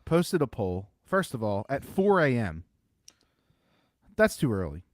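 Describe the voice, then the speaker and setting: A man's voice: medium pitch, very animated, a little slow, no room sound, studio quality. A man co-hosting a sports podcast, chatting casually with a Philadelphia accent, hedging and laughing easily. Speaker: podcast co-host.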